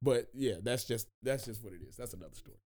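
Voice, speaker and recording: A young man hosting a casual podcast discussion, telling profane stories in an animated way. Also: medium pitch, fast talker. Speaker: podcast host.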